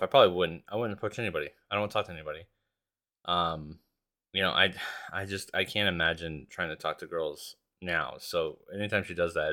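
A podcast host rambles on his own in casual talk, his deep voice bright in tone. He swears, pokes fun at himself, laughs a lot, and keeps restarting his thoughts.

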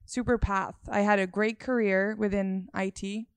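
A woman's voice: mid-range voice, level tone, normal speed, clear, resonant tone, no room sound. A woman in her thirties from Sweden, chatting casually and laughing easily. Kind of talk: casual chat.

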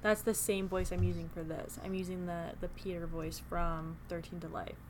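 A woman's voice: fairly low pitch, flat delivery, moderate pace, darkish tone, slight background noise. A woman co-hosting a podcast, chatting casually about a book, reading lines aloud and teasing them. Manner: playful, reads quotes aloud with teasing asides. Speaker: podcast co-host. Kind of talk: casual book-club chat.

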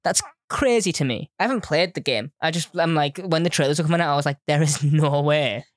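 Low-voiced woman, jokey and teasing. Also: expressive, quick pace, no echo. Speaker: podcast co-host. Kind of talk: casual chat.

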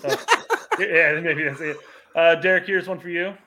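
An easygoing man in his thirties co-hosts a casual livestream and reads out viewer comments. His voice is slightly high and bright, and he laughs easily. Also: unhurried. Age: 30s. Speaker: podcast co-host.

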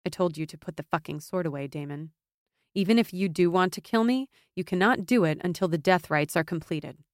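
A proud, commanding young noblewoman, as a woman narrator voices her who speaks with firm contempt. Her voice sits low, and the sound is close and dry. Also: brisk, dry recording, close to an everyday voice. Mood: contemptuous.

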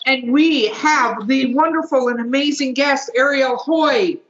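Host: a tipsy, joking woman with a fairly high voice, recorded in a roomy, dull-sounding space. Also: a little slow, fairly bright tone, slight background noise. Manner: joking, laughs often, swears casually. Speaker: podcast host. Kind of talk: casual chat. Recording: echoey room, dull lo-fi sound.

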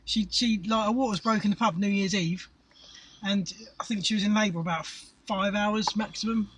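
A man's voice: sits high, steady tone, fairly quick, fairly bright tone, recorded from a distance, a little hiss or hum, rough recording. A middle-aged Englishman telling crude, sweary stories and laughing in casual chat, recorded in a parked car. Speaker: podcast co-host.

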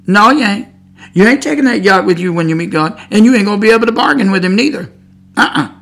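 A man preaching a fiery podcast sermon, firing rhetorical questions at his listeners and swinging between loud outbursts and hushed warnings. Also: high-pitched, animated, fast, gravelly.

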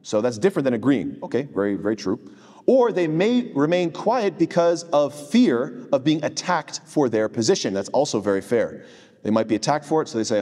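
A man teaching an Islamic studies class at a quick pace, mid-pitched. He gets animated and wanders into tangents, quoting Arabic before explaining it. His voice carries a long hall reverb. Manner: animated, digressive, quotes hadith in Arabic. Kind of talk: lecture.

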